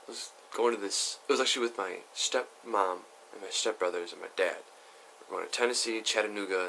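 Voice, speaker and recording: A man's voice: fairly low pitch, sharp tone, a little hiss or hum. A young man telling a story on his vlog in a chatty, rambling way, full of asides. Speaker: YouTuber.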